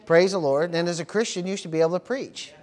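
At a church service, a pastor preaches a sermon, frequently pausing for amen, praise the Lord and hallelujah and repeating words as he goes. His man's voice sits high, with a quick pace and a darkish tone.

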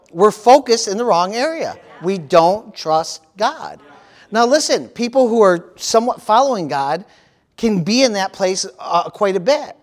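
A man preaching a sermon in a church, lively and playful, acting out panicked voices and calling out to the congregation. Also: sits high. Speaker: pastor.

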